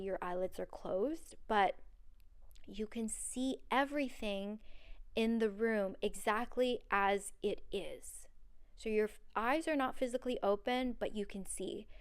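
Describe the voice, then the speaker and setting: A woman's voice: medium pitch, clean tone. A woman hosting a solo podcast, talking in an earnest, personal and rambling way with many fillers. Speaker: podcast host. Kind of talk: solo podcast monologue on dreams.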